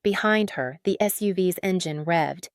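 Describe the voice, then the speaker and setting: A woman narrating a dramatic story in an even, matter-of-fact read on a close mic. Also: fairly low pitch, unhurried, no room sound.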